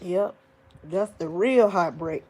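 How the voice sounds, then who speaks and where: A woman's voice: on the low side, a little mellow. A grieving adult woman, speaking to her online viewers in a tearful, rambling live-stream monologue, sighing, her voice breaking into crying. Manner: rambling, halting restarts, addresses audience as y'all. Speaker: vlogger talking to online viewers.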